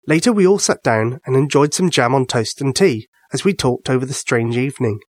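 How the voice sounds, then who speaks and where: A man narrating a children's bedtime story with an expressive reading. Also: medium pitch, brisk, no echo, clean studio sound.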